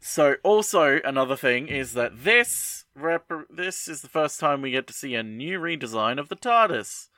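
A man's voice: medium pitch, expressive, normal speed, few pauses, bright, forceful tone, no room sound. A man co-hosting a podcast, chatting casually with fillers and sharing behind-the-scenes fun facts. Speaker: podcast co-host. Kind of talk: casual chat with trivia.

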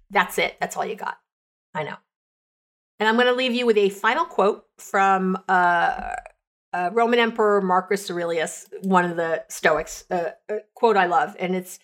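Woman coach and podcast host; chatty, animated storyteller, mid-range pitch. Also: a little slow. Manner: chatty, animated retelling of client stories; lots of "like" and "you know" fillers. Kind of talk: casual advice podcast.

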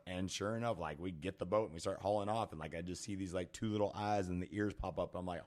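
A man's voice: sits low, fast, few pauses, darkish tone. A man on a podcast as the guest, telling a story animatedly with lots of fillers and laughter. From Texas. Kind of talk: casual storytelling.

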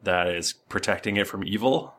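A man narrating as game master, halting and full of fillers and restarts. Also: low voice, fairly bright tone.

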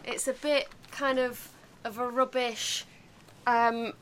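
A woman's voice: fairly high pitch, level tone, slow pace, a bit bright, slight background noise. A woman brought into a podcast chat who answers in a hesitant, easygoing way. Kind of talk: casual chat.

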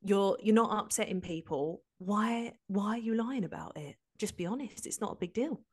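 A woman's voice: mid-range voice, normal speed, breathy edge. A woman co-hosting a podcast in casual chat, rambling and exasperated. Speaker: podcast co-host.

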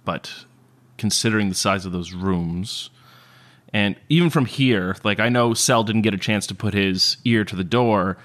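A man's voice: lowish voice, a little slow, fairly bright tone. A man playing a tabletop game, thinking aloud and describing his character's actions at length. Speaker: player. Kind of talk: tabletop role-play.

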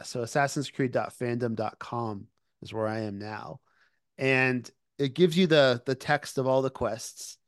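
A man's voice: medium pitch, dry recording. Chatty man retelling, dry sound. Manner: chatty retelling, many fillers. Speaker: podcast co-host. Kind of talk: casual discussion.

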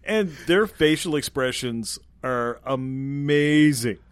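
A man's voice: mid-range voice, lively intonation, slow, smooth, no room sound. A man in casual chat about a film, laughing and chiming in with agreement. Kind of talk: casual movie recap chat.

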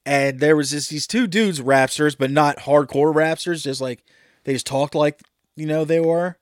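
A man's voice: a little high, normal speed, dry recording, studio quality. A man co-hosting a podcast, telling rambling, profane stories in casual chat. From Delaware, US. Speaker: podcast co-host.

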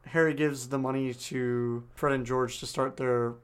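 A man's voice: mid-range voice, steady tone, measured pace, clear, resonant tone. A man co-hosting a podcast, casually retelling a book with lots of fillers. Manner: loose retelling, many fillers. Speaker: podcast co-host.

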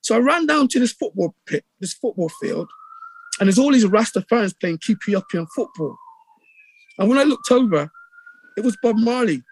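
A middle-aged man with a Bristol accent, telling stories in a casual interview with lively acted-out quotes and many restarts. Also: high voice, normal speed, a little hiss or hum. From England. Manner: animated storyteller, acts out quotes, many restarts. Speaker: radio DJ guest.

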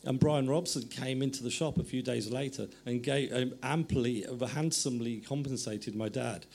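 A man's voice: medium pitch, moderate pace, creaky, a little mellow, slight background noise. A middle-aged man, an author guest, telling anecdotes in a meandering way, often stopping to correct himself. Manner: meandering, self-correcting storytelling. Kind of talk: anecdotal conversation.

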